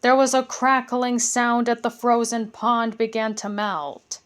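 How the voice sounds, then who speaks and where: A woman reading a children's chapter book aloud as a gentle bedtime story. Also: on the high side, fairly even intonation, unhurried, smooth.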